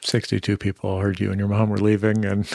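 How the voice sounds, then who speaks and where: A man's voice: on the low side, completely flat delivery, brisk, vocal fry, a little mellow, no echo, studio quality. A man interviewing a guest in a curious, casual manner, peppered with fillers. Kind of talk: conversational interview.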